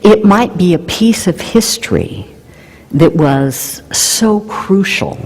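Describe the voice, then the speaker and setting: A woman explaining relationship research in an animated way, mixing in playful personal anecdotes. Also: medium pitch, slow, slightly rough, long reverb tail. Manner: animated, warm storytelling with playful emphasis.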